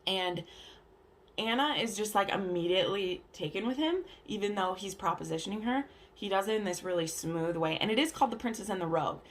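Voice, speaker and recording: A woman vlogger chats casually about books in a mid-range voice at a fairly quick pace, sprinkling in plenty of "like" and "um" and acting out characters' lines. She's filming in her home bathroom with the camera hung on the shower curtain.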